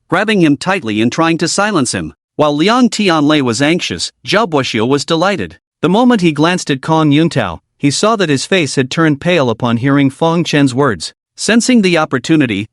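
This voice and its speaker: A man reading a scripted story recap in a steady storytelling manner. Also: on the high side, normal speed, few pauses, no room sound, studio quality. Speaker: recap narrator.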